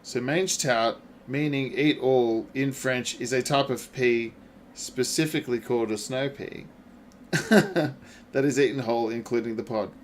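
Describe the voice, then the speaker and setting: Male game streamer, casual and profane, laughs a lot, slow easy delivery. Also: mid-range voice, slight background noise. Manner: swears freely, laughs often, talks back to chat. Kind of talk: casual gaming livestream chat.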